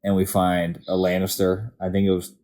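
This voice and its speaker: A man's voice: low-pitched, completely flat delivery, normal speed, mellow. A young man co-hosting a podcast, speaking in a laid-back way with short agreeing replies and profane asides while discussing a TV episode. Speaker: podcast co-host.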